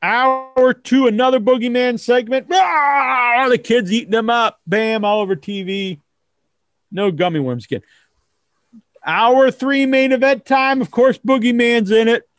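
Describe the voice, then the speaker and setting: A man hosting a casual wrestling talk show, rambling and profane, acting out kids in squeaky voices. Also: unhurried, fairly bright tone, dry recording. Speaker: host.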